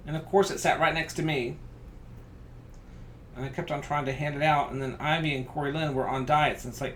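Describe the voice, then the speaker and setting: A man with a Southern US accent hosting a live crafting stream, chatting and rambling through stories with sudden excited bursts. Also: fairly quick. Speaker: craft show host. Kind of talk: casual live-stream chat while crafting. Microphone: live-stream camera mic. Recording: echoey room with rumbling background noise.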